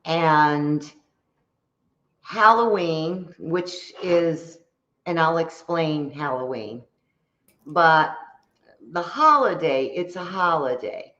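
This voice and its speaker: Lady author explaining stuff real slow, lowish voice, echoey dull-sounding audio. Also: animated, a bit bright. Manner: slow, deliberate explaining, repeats points for emphasis. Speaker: guest author and metaphysical practitioner. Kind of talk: explanatory interview talk.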